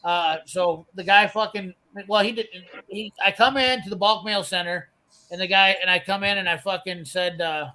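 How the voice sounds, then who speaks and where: A man's voice: high voice, pushed and bright. A man telling a brash, profane story in casual chat, acting out the lines of the people in it. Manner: brash, swearing, acts out quoted lines. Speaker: storyteller on a live garage show.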